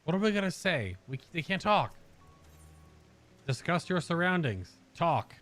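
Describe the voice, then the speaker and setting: A man's voice: on the high side, sing-song, a little slow, fairly bright tone, soft background music. A man casually commenting on his game, joking, reacting aloud and reading quest text. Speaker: let's play host.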